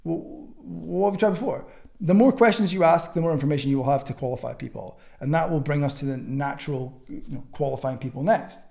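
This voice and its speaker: A young man teaching online coaching in a blunt, sweary, casual way, acting out text chats as quick little scenes. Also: medium pitch, expressive, gravelly, darkish tone. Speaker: online fitness coaching mentor. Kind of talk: casual teaching with acted-out message examples.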